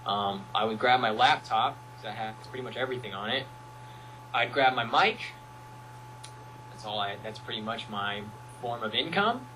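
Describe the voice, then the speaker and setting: Bright-voiced young man telling rambling, playful stories. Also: on the low side, fairly even intonation, normal speed, slight background noise, poor audio. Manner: playful, rambling storyteller who acts out quotes. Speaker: music producer guest. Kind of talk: casual chat.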